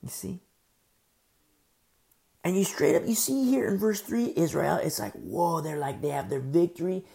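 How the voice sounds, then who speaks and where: A male pastor leads a Bible study in a relaxed, conversational way, and his voice carries a gravelly rasp. His throat is sore, so he shifts between forceful emphasis and a soft, slow delivery. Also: fairly high pitch. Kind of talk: conversational sermon-style Bible teaching.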